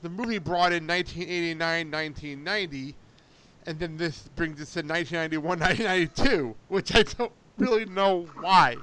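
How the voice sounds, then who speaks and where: A man's voice: fairly high pitch, a little fast, smooth. A man hosting a podcast, chatting casually and telling stories with frequent laughter. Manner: animated storyteller, laughs often. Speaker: podcast host. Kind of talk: casual chat.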